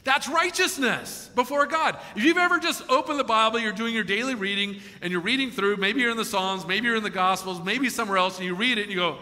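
A man delivers a sermon in a high, piercingly bright voice. He is animated, slipping into quoted voices and chuckling as he goes. The sound carries a long reverb from a church hall. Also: brisk, hardly any pauses. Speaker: pastor.

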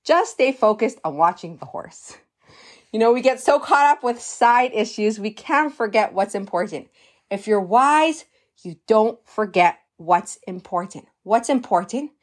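A woman teaching a religious lesson, with a voice that sits a little high. She tells parables with lively storytelling. She stretches out words when she wants a point to land. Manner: animated storytelling, slows for emphasis.

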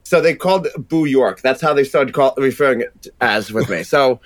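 A man's voice: medium pitch, moderate pace, no room sound. A man with a Rhode Island accent, a sound engineer guest chatting energetically and rambling with many restarts. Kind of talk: casual chat.

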